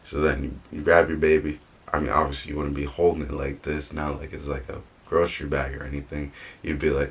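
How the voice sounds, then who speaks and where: A man's voice: extremely low pitch, little pitch movement, a little fast. A young man talking casually in a vlog, rambling and correcting himself with joking asides. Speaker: vlogger. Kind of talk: casual motivational vlog talk.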